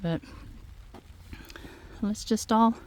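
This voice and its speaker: A woman, slightly out of breath, talking gently and haltingly to her viewers outdoors on a phone. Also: a little high. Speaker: farm vlogger. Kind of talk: casual heartfelt talk to viewers. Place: outdoors in fog. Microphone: handheld phone.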